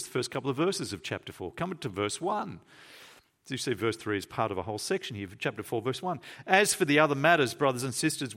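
A man preaches in a church, pressing his points with emphatic repetition and slowing down on the words that matter. His pitch swings widely and with animation, while his overall voice sits in a middle register. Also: a bit bright. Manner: emphatic, repeats key phrases, slows down for stress. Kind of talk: sermon.

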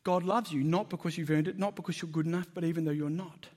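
A man preaches a sermon to his congregation in a conversational but emphatic way. He puts questions to the listeners and leans into his points. His voice sits a little higher than most men's. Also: steady tone, quick pace, darkish tone.

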